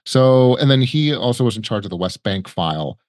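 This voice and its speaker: A man's voice: mid-range voice, lively intonation, fairly quick, darkish tone, dry recording. A man as a podcast guest, chatting casually and rambling with many restarts. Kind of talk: casual conversational storytelling.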